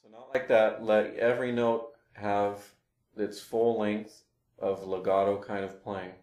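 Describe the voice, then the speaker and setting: A man with a deep, low-pitched voice gives a relaxed clarinet lesson and talks through each point with plenty of ums. The room around him adds a noticeable echo. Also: a little slow. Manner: relaxed, explains with fillers and demonstrations. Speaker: clarinet teacher. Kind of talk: casual instructional talk. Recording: roomy echo.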